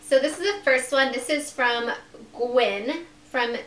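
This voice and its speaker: A woman's voice: sits high, takes it slowly, a bit bright. A young woman in her twenties telling a story in a casual vlog at home, giggling often and talking with lots of fillers. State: recovering from surgery. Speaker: YouTuber. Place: home room. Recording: echoey room, mic at a distance.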